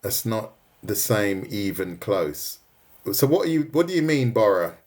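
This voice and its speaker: A man's voice: fairly low pitch, big pitch swings, a little slow, a little mellow. A man giving a casual, joking drawing lesson on a livestream, teasing his viewers. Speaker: art teacher.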